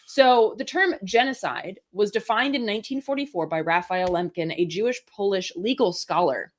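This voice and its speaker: A woman's voice: mid-range voice, normal speed. A woman co-hosting a talk show, chatting casually with dry asides. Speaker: co-host. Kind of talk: casual chat.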